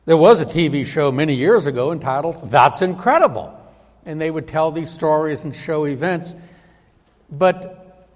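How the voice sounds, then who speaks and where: A man's voice: fairly high pitch, normal speed, big-room sound. A man preaching a sermon with emphasis, often acting out the voices of the people he quotes.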